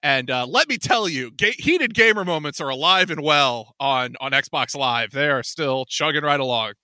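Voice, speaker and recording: A man co-hosting a podcast, joking around with lively, quick banter. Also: on the high side, no echo, clean studio sound. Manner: lively, jokey, quick to laugh. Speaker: podcast co-host. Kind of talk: casual political podcast banter.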